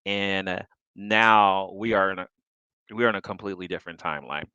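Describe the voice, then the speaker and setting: A man's voice: deep voice, brisk, sharp tone, clean tone, no room sound, dull audio. A man chatting casually, wondering aloud and musing about things. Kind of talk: casual chat.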